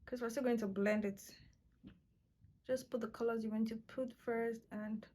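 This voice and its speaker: A young woman talks a viewer through her makeup in a casual, chatty way. Her voice sits a little high, and she keeps bursting into playful, excited exclamations. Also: normal speed. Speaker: beauty vlogger.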